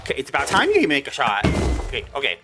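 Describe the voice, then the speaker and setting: A gaming video creator giving excitable let's-play commentary, exclaiming in surprise and talking back to the monsters on screen. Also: mid-range voice, fast. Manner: excitable, frequent startled exclamations; talks to the game mobs. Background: background music.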